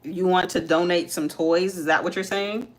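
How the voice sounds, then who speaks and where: Chatting as she does makeup on a relaxed livestream, a young mother talks both to her viewers and to her child. Her voice sits on the low side with fairly even intonation and a moderate pace.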